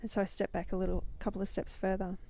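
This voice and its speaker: A woman's voice: medium pitch, flat delivery, fast, creaky, dark tone, a little hiss or hum. A middle-aged woman hosting a podcast, telling a personal story with growing intensity that swells at its peaks. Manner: intense, dramatic retelling, voice swelling. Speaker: podcast host and business mentor.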